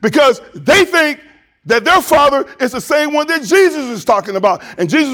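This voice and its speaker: High-voiced man preaching a sermon. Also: lively intonation, fairly quick. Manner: preaching, climbing louder and higher when stressing points. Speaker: pastor.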